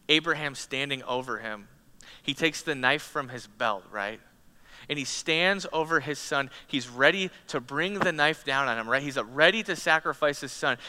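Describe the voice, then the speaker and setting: A man preaches with a bright, crisp voice pitched a little high. He tells the story with drama, rising to near shouts and sinking to hushed near-whispers. His words ring out with long reverb in a large hall. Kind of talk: sermon.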